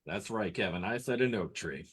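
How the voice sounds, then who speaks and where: A man co-hosting a comedy podcast tells a story playfully and with dramatic emphasis. His voice is low, expressive and slightly breathy, at a normal speed, in casual banter.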